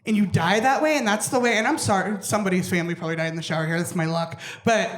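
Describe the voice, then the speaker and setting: A woman's voice: medium pitch, very fast, echoey room. A young adult woman doing a stand-up routine on a comedy club stage, brash and swearing, acting out other people with big jumps in her voice.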